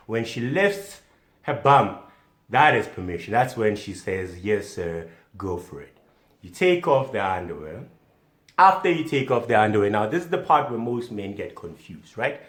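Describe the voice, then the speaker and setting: A man at a middle pitch performs a mock how-to lecture as a comic self-styled doctor. His delivery is wildly animated, leaping between booming emphasis and hushed near-whispers. The sound carries a noticeable echo from the room. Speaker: comedic self-styled sex-advice doctor. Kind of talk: mock instructional monologue. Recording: echoey room.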